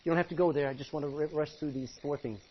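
A man preaching a sermon, acting out Bible characters and swinging between hushed and loud delivery. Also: on the high side, steady tone, rapid-fire, slightly rough, lo-fi sound. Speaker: pastor.

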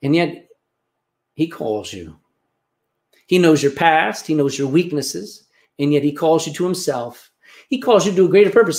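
Emphatic preaching man, highish voice. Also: animated, normal speed, pauses often, a little mellow. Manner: emphatic preaching, pitch rising on key phrases, quoting scripture. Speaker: pastor. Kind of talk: sermon.

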